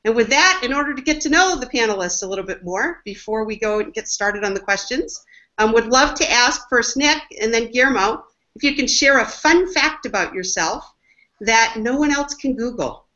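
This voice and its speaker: Woman, webinar host, upbeat and enthusiastic, fairly high voice, muffled lo-fi sound. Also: lively intonation, normal speed, bright, forceful tone. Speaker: webinar host, marketing executive. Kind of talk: hosting a business webinar. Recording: dull lo-fi webinar audio.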